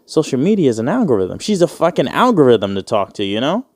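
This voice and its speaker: A man's voice: medium pitch, very animated, fast, darkish tone, no room sound. A man in his twenties hosting a casual solo podcast, rambling and joking with plenty of swearing. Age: 20s. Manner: rambling, profane, joking, acts out quoted voices. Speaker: podcast host.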